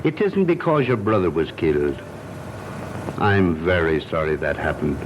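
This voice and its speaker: A man's voice: low-pitched, sing-song, moderate pace, background noise. An actor playing a stern middle-aged police chief and father in 1930s film acting, formal and firm.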